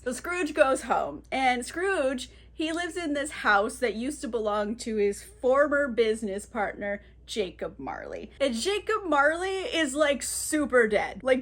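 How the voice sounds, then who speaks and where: A woman recapping a classic novel for her book vlog in a chatty, filler-heavy, swearing manner. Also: high-pitched. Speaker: book vlogger.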